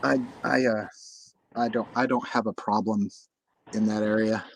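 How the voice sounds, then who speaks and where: A man hosting a casual chat on a livestream, talking in halting bursts full of false starts and repeats. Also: fairly low pitch, steady tone, creaky, slight background noise, low-quality recording. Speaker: host. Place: livestream call.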